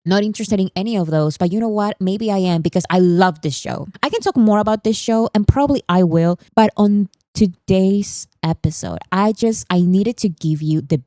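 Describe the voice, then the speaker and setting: A woman's voice: medium pitch, moderate pace, hardly any pauses, warm tone, no room sound. A young woman hosting a vlog, talking through pop-culture news in a chatty, emphatic way. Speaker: vlog host. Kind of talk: casual pop-culture commentary. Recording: dry, no pop filter.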